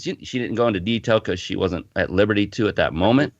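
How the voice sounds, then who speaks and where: A man's voice: fairly low pitch, fast, gravelly, hardly any pauses, dry recording. A man, a podcast guest, animatedly telling a personal story in a casual interview. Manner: animated storyteller, frequent restarts. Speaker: podcast guest, fitness company founder. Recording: muffled lo-fi audio, dry.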